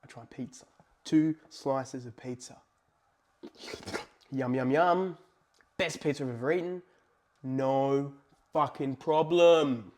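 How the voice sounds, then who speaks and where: A young man tells a story to camera in casual, profane talk, swinging from loud outbursts to hushed asides. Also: mid-range voice, slow pace, pauses often. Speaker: vlogger.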